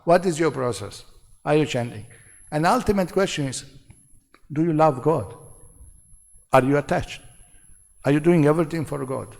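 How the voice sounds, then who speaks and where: In a hall with long reverb, a man with a fairly high, darkish voice and vocal fry delivers a devotional seminar lecture. He speaks in short, repeated phrases and puts rhetorical questions to his audience.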